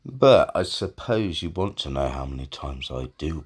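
Guy gardening vlog, husky voice, all over the place pitchwise, jokey and sweary. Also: sing-song, normal speed. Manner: rambling, swearing and joking. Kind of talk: casual vlog chat.

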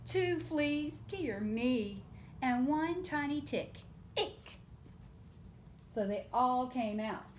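Slow, animated woman reading to kids. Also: sits high, a little hiss or hum. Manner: animated, asks children questions and invites them to join in. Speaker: children's story time reader. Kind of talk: reading picture books aloud to young children.

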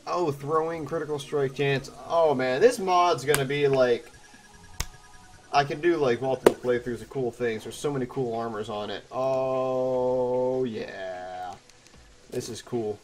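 A young man commentating a video game, excitable and chatty, yelping at danger and answering chat. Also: medium pitch, measured pace, faint music behind. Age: young adult. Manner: excitable, yelps and exclaims, chatty asides to chat. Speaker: let's play host. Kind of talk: gameplay commentary.

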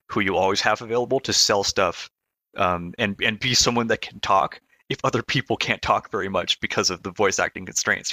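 A man with a low, bright voice chats as a podcast guest about making games. He pauses and hedges, laughs often, and sounds relaxed. The sound is close and dry. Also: no echo. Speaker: game developer guest. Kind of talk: casual podcast chat.

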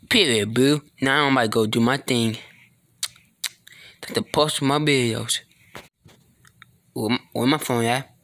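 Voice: medium pitch, no echo. A person performing an improvised comedy skit, rambling and stumbling over words as they talk. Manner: animated, talking to followers. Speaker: skit creator.

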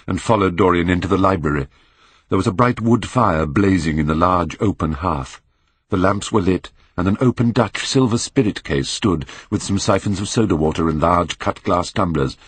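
A man narrating a classic novel in a measured, expressive way. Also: deep voice, breathy edge, dry recording. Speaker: audiobook narrator.

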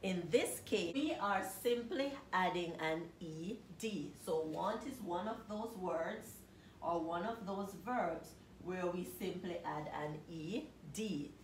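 A woman's voice: lowish voice, takes it slowly. A woman teaching a grammar lesson to children, patiently spelling out letters and asking questions. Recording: echoey room with faint noise.

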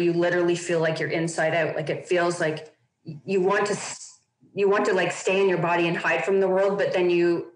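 A woman's voice: on the low side, roomy sound, low-quality recording. A woman guest on a podcast, telling a personal story openly and earnestly, with lots of casual fillers.

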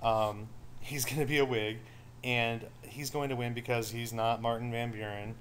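Guy teaching history, chatty lecture w/ little jokes, mid pitch voice. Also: little pitch movement, normal speed, a bit bright, a little hiss or hum. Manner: casual, joking asides to students. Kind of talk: recorded study-guide lecture.

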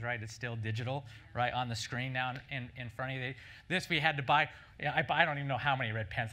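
A middle-aged man gives a keynote talk at a breakfast event, moving briskly through an anecdote. His voice is bright and forward, and his speech is full of quick restarts and "right?" checks to the audience. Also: medium pitch. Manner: animated anecdote-telling with many restarts and "right?" asides. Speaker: marketing executive speaker. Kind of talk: conference keynote storytelling.

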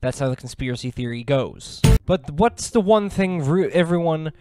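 A young man giving comedic commentary with deadpan jokes and sudden laughs. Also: fairly high pitch, moderate pace, no echo, soft background music. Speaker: commentary YouTuber.

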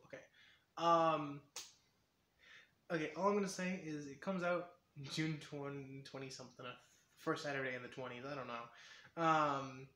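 A man's voice: on the high side, steady tone, normal speed, pauses often, pushed and bright, echoey room. A man chatting casually in a vlog, rambling and correcting himself, his throat strained and sore. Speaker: vlogger.

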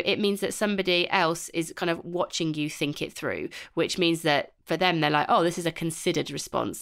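A woman co-hosting a podcast, talking in a chatty, quick way and laughing between points. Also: fairly low pitch, vocal fry. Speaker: podcast co-host. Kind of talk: casual podcast chat.

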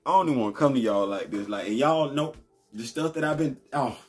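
A man hosting his own vlog, talking in a rambling, slangy, animated way that rises high when he gets frustrated. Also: brisk. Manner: rambling, slangy, laughs often. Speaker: vlog host. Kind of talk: casual ranting vlog.

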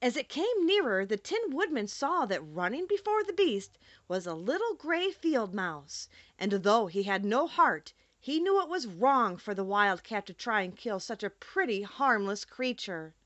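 A woman reading a classic children's story aloud as an audiobook narrator, expressive and measured. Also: fairly high pitch, no echo, muffled recording.

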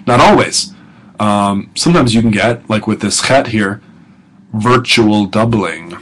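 A man teaching a biblical Hebrew grammar lesson in a relaxed, conversational way, asking rhetorical questions and often filling pauses with "um" and "okay.". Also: on the low side, low-quality recording. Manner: conversational, asks rhetorical questions, frequent ums and okays, chuckles. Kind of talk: recorded lecture audio guide.

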